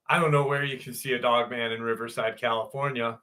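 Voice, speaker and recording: A man's voice: mid-range voice, steady tone, quick pace, hardly any pauses, pushed and bright. A man hosting a live show, reading a viewer's story aloud and then chatting loosely with his live chat, joking and swearing freely. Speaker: show host.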